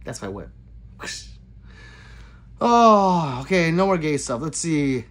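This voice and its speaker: A man's voice: on the high side, takes it slowly. Male streamer reading chat aloud, loose and profane, with a voice that rises and falls a lot. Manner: animated, profane, chatty. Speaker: livestream host. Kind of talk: casual livestream chat reading.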